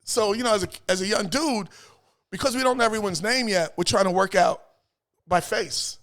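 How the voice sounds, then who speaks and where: A middle-aged man, telling stories as an interview guest in an animated way, repeating phrases and acting out voices. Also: sits high, normal speed. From New York. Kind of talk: casual storytelling chat.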